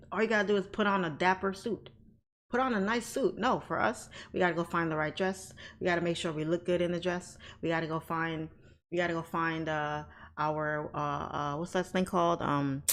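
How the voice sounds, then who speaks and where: Blunt, low-voiced woman on a livestream. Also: fairly even intonation, moderate pace, a bit bright. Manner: blunt, outspoken, laughs often. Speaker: livestream host, trading educator. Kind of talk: casual livestream chat. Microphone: off camera, desk mic.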